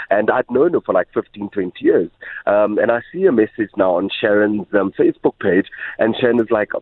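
A man, telling his story as a radio guest, halting and often restarting. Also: fairly low pitch. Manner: halting, many repeated restarts. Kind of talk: casual storytelling in an interview. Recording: tinny phone line.

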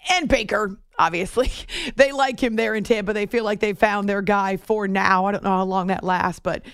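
A woman's voice: medium pitch, fairly even intonation, moderate pace, a bit bright, clear, resonant tone, no echo. Woman, sports radio host, chatty and self-deprecating, dry studio sound. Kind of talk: late-night sports radio talk. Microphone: studio microphone.

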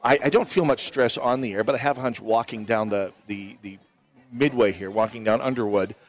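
A Minnesota man hosts a live talk radio show from a booth at an outdoor fair. His voice sits at an ordinary middle pitch, and he tells stories in a chatty, rambling way, full of restarts and side remarks. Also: brisk. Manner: chatty storytelling with frequent restarts and asides. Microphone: broadcast mic with headphones.

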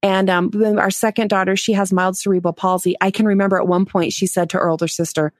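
A woman's voice: medium pitch, little pitch movement, fast talker, dry recording, clean studio sound. A woman speaking as a podcast guest, telling a personal story frankly, mocking herself and laughing often. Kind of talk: candid interview storytelling.

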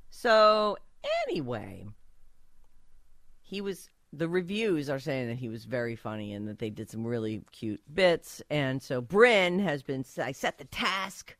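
Woman, podcast co-host, chatty, animated pitch, dry recording. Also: measured pace, no echo. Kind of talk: casual chat.

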